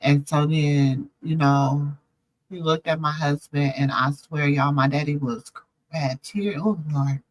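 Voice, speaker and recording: A woman's voice: deep voice, steady tone, unhurried, dry recording. A middle-aged woman hosting a show, telling a personal story in an emotional, preacherly way and calling listeners baby and y'all. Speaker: show host.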